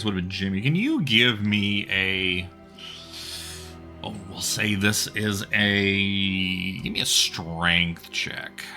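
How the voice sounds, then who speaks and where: Bright-voiced man running a horror tabletop game. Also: lowish voice. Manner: loose, chatty, many fillers and restarts. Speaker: game master.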